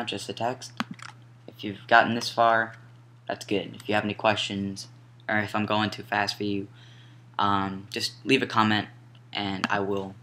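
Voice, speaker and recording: A young man walks through a design tutorial in a low voice with a bright, forceful edge. He talks casually and apologizes for his own slips. Faint hiss and computer clicks sit under his home-mic recording. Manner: casual, apologetic, self-correcting instructions. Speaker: tutorial maker. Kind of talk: screen-recorded software tutorial. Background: mouse clicks and typing.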